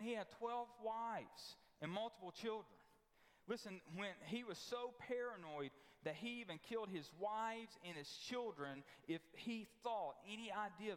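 A man, a pastor, preaching a sermon in a folksy, emphatic way, repeating his points. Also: high voice. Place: church sanctuary. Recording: long church hall reverb.

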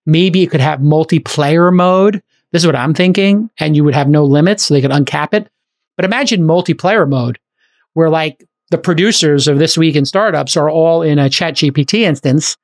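A middle-aged man hosting a podcast in casual chat, talking quickly and enthusiastically with many "like" fillers. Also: on the high side. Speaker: podcast host.

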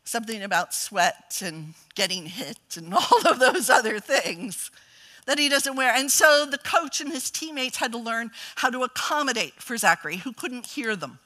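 Bright-voiced woman preaching with stories. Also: fairly high pitch, lively intonation, normal speed. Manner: warm, humorous storytelling with frequent laughs. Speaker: guest preacher, college president. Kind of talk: storytelling sermon.

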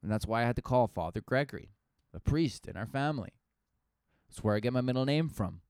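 A man's voice: medium pitch, expressive, a little fast, a little mellow, clear, resonant tone, no room sound, studio quality. A young man, a comedian, rambling through a profane, casual podcast monologue full of fillers.

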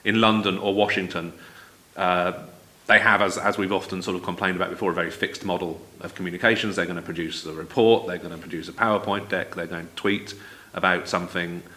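Low bright-voiced man co-host. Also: fairly even intonation, brisk. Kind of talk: podcast conversation.

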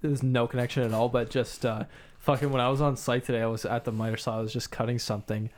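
A man's voice: mid-range voice, level tone, fast, darkish tone. A man chatting on a casual podcast, telling a work story with plenty of swearing. He talks loosely and animatedly. Faint hiss sits under the voice. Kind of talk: casual banter.

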